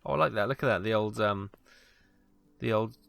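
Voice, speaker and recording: Gravelly, rambling British let's-play host. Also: male voice, lowish voice, moderate pace, fairly bright tone. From Wales. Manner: rambling, hesitant, many ums and asides. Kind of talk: casual gameplay commentary.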